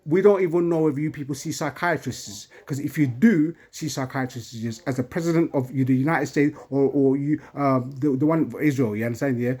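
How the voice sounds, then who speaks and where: A man's voice: mid-range voice, normal speed, hardly any pauses, warm tone. An emotional man, ranting in an impassioned monologue from his home and constantly asking if you understand. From England. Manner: agitated, keeps asking "you understand, yeah?".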